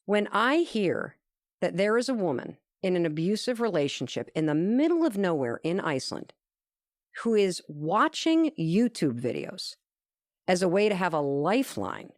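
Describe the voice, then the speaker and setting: A woman's voice: on the low side, dry recording, clean studio sound. A woman telling an earnest, emphatic story as a guest in an interview conversation. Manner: animated, acts out quoted dialogue.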